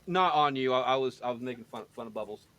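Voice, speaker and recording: A medium-pitched man talks fast with a crowd audible behind him as he hosts a casual podcast and runs the bracket. He jokes through the picks, stumbling and repeating words.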